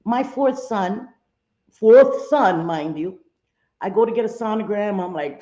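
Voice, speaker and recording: A middle-aged woman chats on her live stream, greeting viewers by name and getting fired up along the way. Her voice sits in a middle pitch for a woman. The sound is roomy and a little dull. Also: a little slow. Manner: chatty and expressive, greets viewers by name, swings from sweet to fired up. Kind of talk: casual live chat reading viewer comments.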